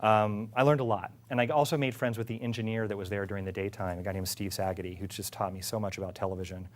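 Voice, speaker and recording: A middle-aged man, an executive, telling a casual story about his career. He is lively, laughs often and acts out what others said. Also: fairly low pitch, fast. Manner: animated, laughing, acts out quotes. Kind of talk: casual anecdote.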